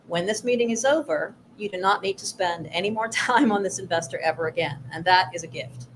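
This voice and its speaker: A woman co-hosting a workshop on pitching investors, talking in a measured, advisory way with frequent fillers. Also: slight background noise, low-quality recording. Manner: measured, advisory, with many "you know" fillers. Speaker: workshop co-host.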